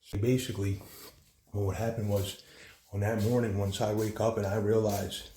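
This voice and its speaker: A man's voice: lowish voice, flat delivery, normal speed, dark tone, a little hiss or hum. A man telling a rambling personal story, profane and repetitive, with many restarts. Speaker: son recounting his mother's death.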